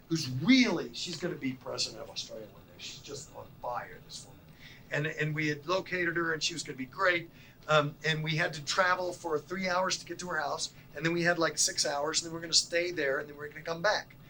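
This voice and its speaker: A middle-aged documentary producer teaching a masterclass, telling stories from shoots with lively acted-out dialogue and sudden drops to near-whispers. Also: male voice, a little high, slight background noise, rough recording. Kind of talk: animated storytelling lecture.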